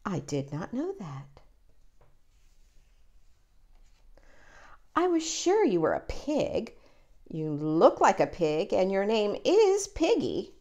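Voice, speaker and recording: A woman's voice: medium pitch, wildly swooping pitch, unhurried, a little mellow, dull audio, pitched below the performer's own voice, full character voice. Woman voicing a worried, wondering elephant. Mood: puzzled. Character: anxious, cautious male elephant friend. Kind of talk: picture book read-aloud.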